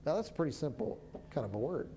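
Minister, storytelling testimony, casual and halting, mid-pitched voice, faint background hum. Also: expressive. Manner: conversational, halting with restarts. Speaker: minister who prophesies over people.

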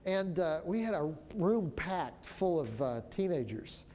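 A minister telling a story of prophesying over people, in a relaxed conversational way that often stops and restarts. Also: mid-range voice, unhurried, slight background noise. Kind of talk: storytelling testimony.

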